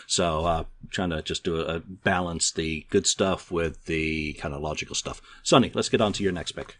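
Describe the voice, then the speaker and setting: Deep-voiced middle-aged male podcast host. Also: normal speed. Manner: relaxed, chatty, steers the turns. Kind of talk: casual podcast chat.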